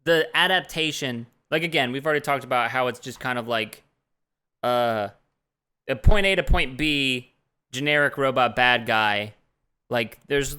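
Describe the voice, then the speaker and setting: A male podcast co-host speaks with a bright, clear tone, earnest and rambling as he works through his thoughts in a relaxed chat. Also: fairly high pitch. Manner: earnest, rambling, self-interrupting. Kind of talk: casual chat.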